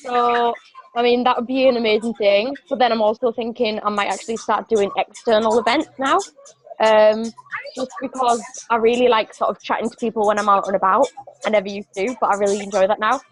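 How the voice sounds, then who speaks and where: A woman talks on a team video call in a slightly high voice. She is chatty and excitable, thinking out loud as she lays out her ideas. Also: fairly quick, rough recording. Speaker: team member. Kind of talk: casual chat on a team call.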